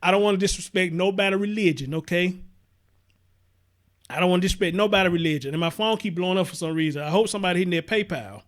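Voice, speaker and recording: Man, high voice, passionate profane live-stream host, repeats himself. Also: quick pace. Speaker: commentary show host. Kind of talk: live-stream commentary, reading viewer comments.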